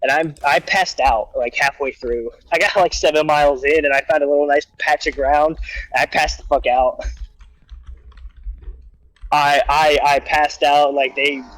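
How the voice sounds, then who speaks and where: On a livestream, a guest who served as a soldier tells rambling, profane stories about his time in the army, animated and often restarting his sentences. His voice is on the high side and measured in pace, with no echo but poor audio quality.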